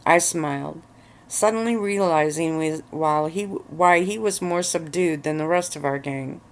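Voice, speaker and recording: Woman, low pitch, relaxed, ASMR storytelling, at home on a bed. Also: normal speed. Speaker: narrator.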